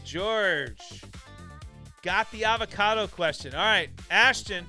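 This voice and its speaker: Bright upbeat male trivia host. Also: high voice, expressive, faint music behind. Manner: upbeat, laughing, drawn-out question reading. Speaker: show host. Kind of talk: casual live-stream trivia hosting.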